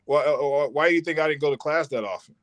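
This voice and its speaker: A former college football player, talking relaxed and laid-back as a guest. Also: male voice, a little high, fast, heavy background noise. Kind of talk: casual interview chat.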